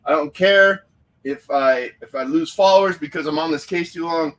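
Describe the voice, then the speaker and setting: This paranormal livestream host, a man, is fired up and profane as he speaks into his phone during a casual stream from a room in his home. His slightly high, somewhat bright voice moves at normal speed, captured in a rough recording from a distance.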